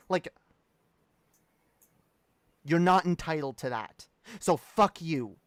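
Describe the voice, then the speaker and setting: High-voiced man ranting. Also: animated, slow, pauses often, a bit bright, no echo. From Canada. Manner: heated, profane, repetitive. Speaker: streamer. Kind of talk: ranting livestream talk.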